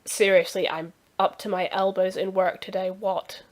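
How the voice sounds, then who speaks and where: A woman's voice: medium pitch, little pitch movement, moderate pace, lightly acted. A woman voicing a busy, flirty stable master who talks in a breezy, teasing way.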